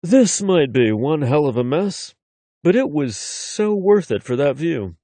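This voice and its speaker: A male narrator voicing a confident grown man who murmurs low and teasing in a romance audiobook. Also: big pitch swings, unhurried, dark tone, no room sound, heavily acted.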